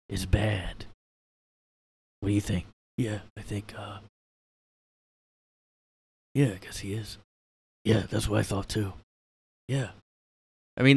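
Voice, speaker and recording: A man putting on a gruff, hushed movie-detective voice, mocking it with a low, whispery delivery. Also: exaggerated voice.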